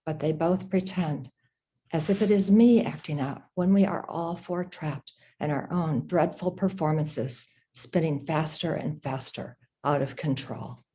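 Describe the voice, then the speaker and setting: A woman reading her prose aloud at a literary event, in a measured, slow, dramatic way. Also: sits low, dark tone. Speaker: reader.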